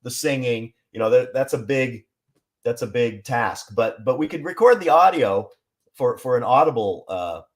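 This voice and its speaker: A man from Seattle appears as a podcast guest and speaks in a measured, explanatory way. He often restarts his phrases as he works out his thoughts. His voice sits in an ordinary middle pitch. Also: expressive. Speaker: guest, songwriter and writer. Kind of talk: casual interview chat.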